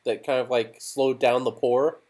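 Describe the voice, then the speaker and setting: A young man co-hosting a podcast, telling stories in a relaxed way, chuckling and filling with likes and you knows. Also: medium pitch, moderate pace. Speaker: podcast co-host. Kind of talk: casual chat.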